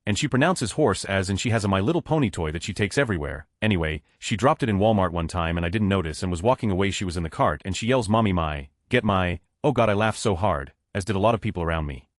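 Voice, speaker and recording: A man reading short online stories aloud as scripted narration, with a flat delivery that lifts at each story heading. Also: low-pitched, fast talker, hardly any pauses, no echo, clean studio sound.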